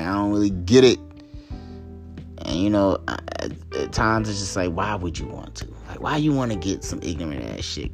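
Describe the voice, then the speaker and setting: Over faint background music, a man with a very deep, darkish voice delivers a heated solo rant on his podcast, swearing freely. He keeps circling back to the same points and drives them home bluntly.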